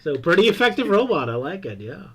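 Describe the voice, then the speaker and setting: A man hosting a podcast, talking in a relaxed, hesitant way with fillers and restarts. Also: sits high, quick pace, crowd noise. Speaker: podcast host. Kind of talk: casual discussion.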